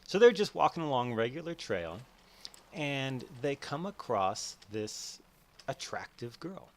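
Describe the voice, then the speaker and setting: A man's voice: medium pitch, big pitch swings, a little slow. Young man explaining over gameplay. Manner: storytelling, acts out inner voices. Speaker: host.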